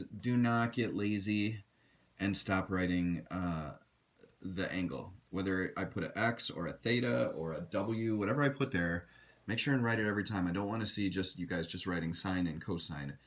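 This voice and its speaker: A man teaching a recorded math lesson, direct and instructive, talking to his students. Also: low-pitched. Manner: direct, instructive, addresses students as you guys.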